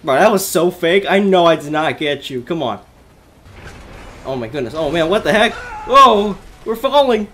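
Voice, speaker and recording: Man, gaming YouTuber, high and very animated, excitable play-by-play from his bedroom. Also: moderate pace, a little hiss or hum. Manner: excitable, loud exclamations and laughs. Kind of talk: live gameplay commentary.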